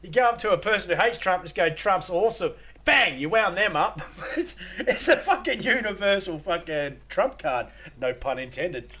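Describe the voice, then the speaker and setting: A man's voice: sits high, big pitch swings, normal speed, hardly any pauses, sharp tone. A middle-aged Australian man chatting casually on a live stream, joking, swearing and laughing often.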